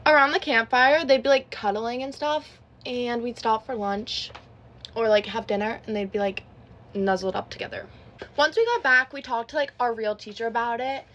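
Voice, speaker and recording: A young woman tells a gossipy storytime in a loose, casual way, packed with fillers. Her voice sits somewhat high. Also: fairly even intonation, moderate pace, a bit bright.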